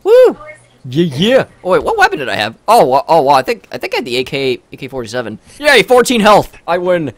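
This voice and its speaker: A man's voice: sits high, huge pitch swings, fairly quick, no echo. A man chatting casually over voice chat while playing a game, playful and stammering, with jokey asides. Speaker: channel host and player.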